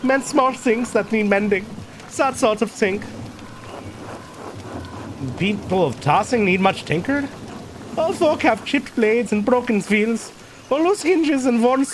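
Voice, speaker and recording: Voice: mid-range voice, pushed and bright, slight background noise, voice pushed up, heavily acted, low-quality recording. A streamer voicing a wandering male tinker in a game, eager and thoughtful. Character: Romani man, wandering tinker, earnest. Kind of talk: game dialogue read aloud.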